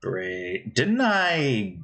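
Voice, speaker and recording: A man's voice: medium pitch, huge pitch swings, very slow, fairly bright tone, poor audio. A man, a game developer, thinking aloud as he builds, muttering hesitantly and questioning himself.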